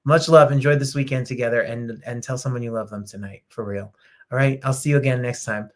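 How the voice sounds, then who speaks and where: A man's voice: medium pitch, fairly even intonation, a little fast. Gushing middle-aged guy hosting a live show, chatty and emotional. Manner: effusive, emotional, sings snippets. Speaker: host. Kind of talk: casual live show chat.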